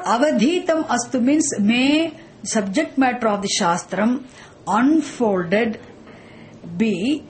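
A woman, teaching a scripture class in a slow explanatory way, posing one rhetorical question after another. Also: fairly high pitch, a little mellow, rough recording. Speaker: Vedanta teacher.

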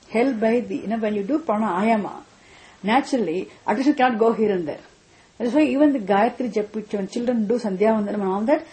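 A woman's voice: a little high, warm tone, low-quality recording. Patient woman teaching scripture. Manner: patient, repeats points for emphasis, asks "understand?". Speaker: spiritual teacher. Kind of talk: scripture lesson.

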